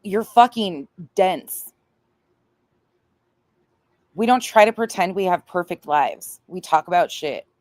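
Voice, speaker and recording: A woman's voice: lowish voice, darkish tone, no echo. A woman host giving blunt, profane, scornful reaction commentary on a clip she plays.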